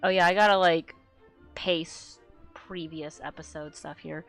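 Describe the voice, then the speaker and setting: A woman streamer reads her own webcomic aloud at her home setup. Her chatter is giggly and meandering, with casual swearing sprinkled through it. Her voice sounds bright, with faint music underneath. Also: fairly low pitch, steady tone, a little slow. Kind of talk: casual live-stream commentary.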